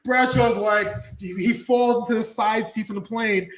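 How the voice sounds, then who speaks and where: A man with a fairly high voice tells a wild story as an interview guest. He swears freely, laughs often, and acts out everyone involved with loud, excited shouts. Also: moderate pace, faint music behind, low-quality recording. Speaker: interview guest, former wrestler. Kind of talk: animated storytelling.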